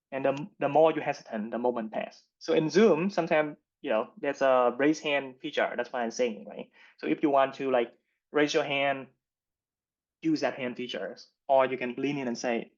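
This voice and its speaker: A man's voice: medium pitch, moderate pace. A man coaching interview skills in a live online masterclass who explains in short phrases and often asks "right?". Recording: muffled lo-fi recording.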